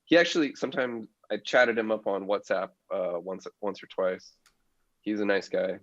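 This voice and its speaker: A man's voice: lowish voice, normal speed, fairly bright tone, no room sound, dull audio. A man, a comedian guest on a podcast, telling a story in casual chat, swearing freely and laughing often.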